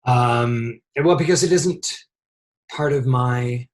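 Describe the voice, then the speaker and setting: A middle-aged man, a set dresser, telling a lively anecdote in an interview and laughing often as he talks. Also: mid-range voice, takes it slowly.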